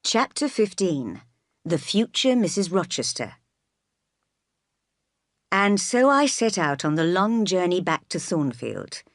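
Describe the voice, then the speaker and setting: A woman narrates a novel in a calm, even storytelling manner. Her voice sits on the low side, and the recording is dry and close. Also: takes it slowly, long pauses, dry recording. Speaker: audiobook reader. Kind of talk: scripted narration.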